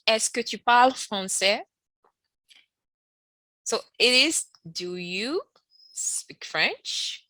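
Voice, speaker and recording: A woman giving a language lesson at a deliberate, unhurried pace. Her voice is bright and crisp, with a pitch that jumps up when she models example questions. The recording is dry and close, with no room echo. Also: expressive. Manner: slow, repeats each French phrase, rises high on example questions. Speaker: French teacher.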